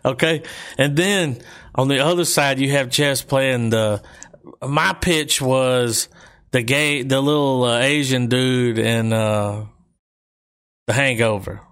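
A man's voice: mid-range voice, takes it slowly, fairly bright tone, clean tone. Rambling, profane man chatting casually. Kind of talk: casual chat.

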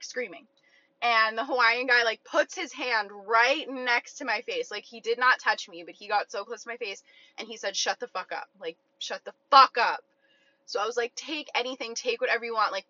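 A young woman recounts a story in a loose, chatty vlog style, filling her sentences with "like". Her voice is bright and a little sharp. The recording sounds slightly dull and lo-fi. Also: mid-range voice. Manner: chatty, heavy use of "like", quoting herself.

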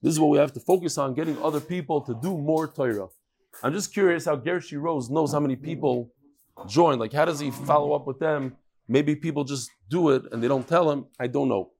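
Hoarse man teaching a Talmud class. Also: a little high, a little mellow. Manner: chatty, with quick asides to people in the room. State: hoarse from a cold. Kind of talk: casual Talmud lesson.

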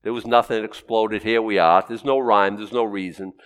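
A pastor preaching a sermon, swinging from loud exclamations to quiet, wry asides. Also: male voice, lowish voice, fairly even intonation, a little fast, clean tone.

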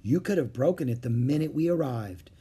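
A man voicing a wise, gentle female enchantress in a storybook, speaking softly and calmly. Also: medium pitch, fairly quick, breathy edge. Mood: serene. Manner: soft and calm.

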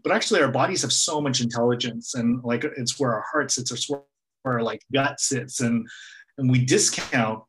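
Man, group facilitator, relaxed conversational talk, thoughtful and hesitant. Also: medium pitch, normal speed, poor audio. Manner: reflective, many fillers and hedges. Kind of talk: casual conversation.

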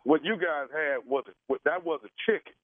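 A man's voice: a little high, no echo. Stammering man on a tinny phone line. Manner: halting, stammering with many fillers. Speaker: radio prank caller. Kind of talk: prank phone call posing as a caterer.

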